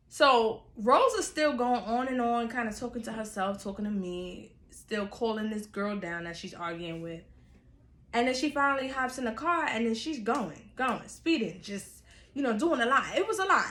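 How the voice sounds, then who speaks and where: Bright, chatty woman telling a story. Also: fairly high pitch, roomy sound. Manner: animated, chatty, laughs often. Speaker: storyteller vlogger. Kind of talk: casual storytime.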